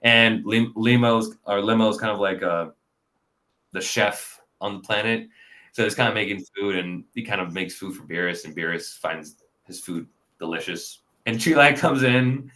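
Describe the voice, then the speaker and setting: A man's voice: fairly low pitch, moderate pace, bright, forceful tone. A man hosting a casual review chat, rambling with lots of fillers and frequent laughs. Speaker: podcast host.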